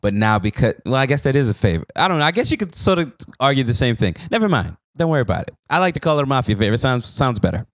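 A man hosting a podcast in casual chat, laughing often and jumping up in pitch when excited. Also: rapid-fire, hardly any pauses, no echo, clean studio sound. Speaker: podcast host.

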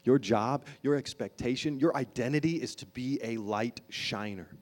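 A man preaching a sermon as a pastor, impassioned, moving between emphatic lines and hushed ones. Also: mid-range voice, moderate pace.

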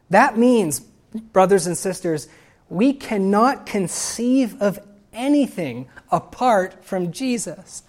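A woman preaching a sermon, reading scripture and hymn lines aloud and building to loud, emphatic exclamations. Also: mid-range voice, expressive, slow pace.

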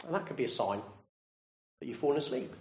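A man's voice: medium pitch, expressive, fast, darkish tone. A man preaching a sermon, earnestly putting direct questions to his listeners. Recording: roomy echo.

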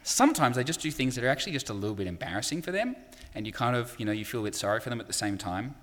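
A man's voice: medium pitch, animated, rapid-fire, fairly bright tone, big-room sound. A man preaching a sermon in a conversational way, with frequent fillers and acted-out quotes.

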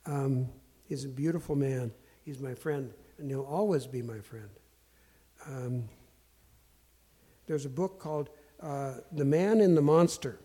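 A man telling candid stories in a self-deprecating, earnest way, halting often with fillers and restarts. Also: mid-range voice, mellow. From Portland area. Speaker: speaker sharing life lessons. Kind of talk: candid storytelling talk.

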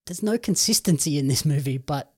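A man co-hosting a casual film review podcast, speaking in a relaxed, agreeable way with lots of fillers. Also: fairly high pitch, fairly quick, husky. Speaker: co-host commentator.

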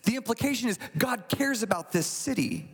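A male pastor delivers a sermon in a lively, conversational storytelling manner, slipping into little acted asides. His voice sits a bit high for a man. The sound rings with a long reverb, like a large church hall. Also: normal speed, husky.

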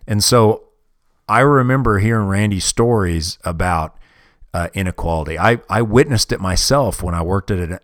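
A man's voice: sits low, dry recording, studio quality. A man in his forties hosting a podcast, talking bluntly and profanely in a rambling way, often restarting sentences. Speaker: podcast host. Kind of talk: casual podcast monologue. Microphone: podcast microphone.

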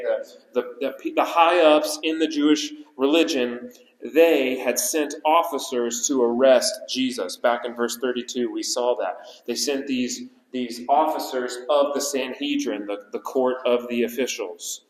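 A man preaching a sermon as pastor, repeating key phrases and slowing down to stress them. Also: medium pitch. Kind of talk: expository sermon. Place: church sanctuary. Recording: roomy church hall reverb.

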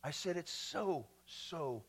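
A man preaching a sermon to his church, swinging from hushed, whispered lines to loud, shouted passages. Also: fairly high pitch, lively intonation, slow, breathy edge. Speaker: pastor. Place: church sanctuary.

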